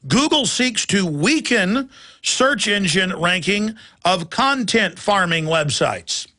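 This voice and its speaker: A man's voice: high voice, expressive, takes it slowly, sharp tone. A man hosting a talk radio show, delivering an emphatic, ranting monologue.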